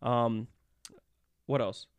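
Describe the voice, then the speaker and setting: A man's voice: medium pitch, steady tone, very slow, smooth, no room sound. A man hosting a podcast, telling a rambling story in casual chat, laughing often and swearing. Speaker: podcast host. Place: studio.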